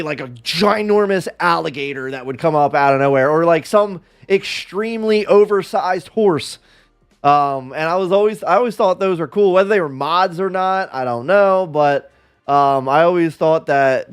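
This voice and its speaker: A man's voice: fairly high pitch, moderate pace, clean tone. A man livestreaming in a casual chat, rambling and self-deprecating as he talks with his viewers.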